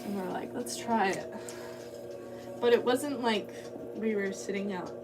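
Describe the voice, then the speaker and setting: A woman's voice: mid-range voice, measured pace, over music. A woman potter livestreaming as she works, chatting casually and thinking aloud. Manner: rambling, thinks aloud while working. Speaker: ceramic artist livestreaming. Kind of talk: casual livestream chat while working. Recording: distant mic with background noise.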